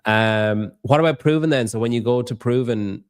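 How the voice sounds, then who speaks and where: A man's voice: mid-range voice, normal speed, smooth, dry recording, clean studio sound. A man hosting a podcast, chatting loosely and swearing freely as he asks questions. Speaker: podcast host. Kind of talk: casual interview chat.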